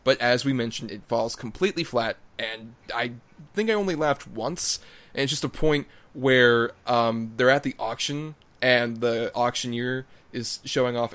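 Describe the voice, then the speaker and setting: A man reviewing a film on a podcast in casual, blunt chat. He swears freely and laughs as he goes, at a middle pitch for a man. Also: moderate pace, fairly bright tone. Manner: blunt, profane, laughs often. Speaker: podcast co-host.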